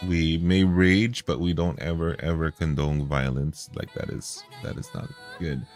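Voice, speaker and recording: A man's voice: very deep voice, level tone, unhurried, darkish tone, faint music behind. A man streaming a reaction video, talking in a heated, profane, repetitive way.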